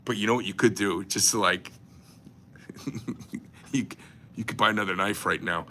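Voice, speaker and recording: A man's voice: fairly low pitch, unhurried, pushed and bright, a little hiss or hum. A man, a knife company owner, talking in a profane, joking, rambling style on a casual livestream. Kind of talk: casual crude livestream rant.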